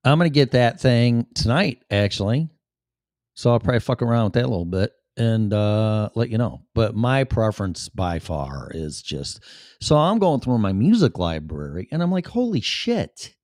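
A man's voice: on the low side, sing-song, normal speed, a little mellow, dry recording, clean studio sound. A man with a Chicago accent hosting his show in a rambling, profane, offhand monologue. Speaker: show host. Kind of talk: casual livestream monologue.

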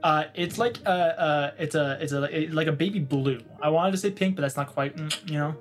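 A game master narrating a tabletop game in a casual, relaxed way. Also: mid-range voice, fairly quick, faint music behind.

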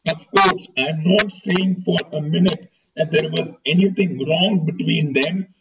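Male reader doing a cold, scornful young woman for a storybook reading; higher, sharper, mocking. Muffled, distant mic. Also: a little slow, vocal fry. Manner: bitter, mocking mimicry of gossip. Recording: distant, muffled, noisy recording.

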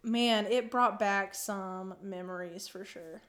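A woman's voice: mid-range voice, fairly even intonation, slow pace, fairly bright tone. A woman co-hosting a podcast, bantering playfully and teasing in casual chat. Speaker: podcast co-host.

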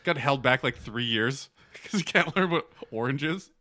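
A man's voice: mid-range voice, animated, moderate pace. A man co-hosting a podcast, joking crudely and swearing, laughing often. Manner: loud, profane, laughs often. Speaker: podcast co-host. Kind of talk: crude comedic banter.

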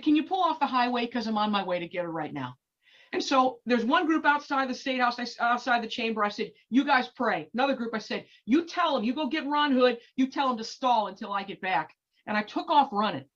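A middle-aged woman telling a story in an interview, animated, with many repeated restarts. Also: a little high. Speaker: activist guest. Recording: dull lo-fi recording.

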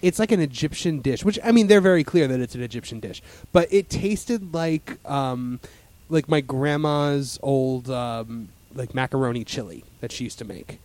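A man's voice: medium pitch, expressive, normal speed, darkish tone, no echo. A man in casual chat as a podcast host, rambling with lots of fillers and restarts.

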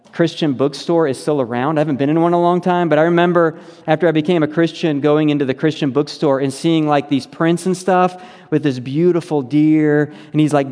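A man's voice: a little high, darkish tone, long reverb tail. A man preaching a sermon to his congregation in a conversational, earnest way, with many fillers. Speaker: pastor. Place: church sanctuary.

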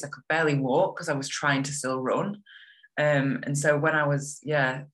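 A woman's voice: sits low, steady tone, a little fast, fairly bright tone. A young woman being interviewed, talking in an enthusiastic, chatty way with lots of fillers. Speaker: guest. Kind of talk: casual interview chat.

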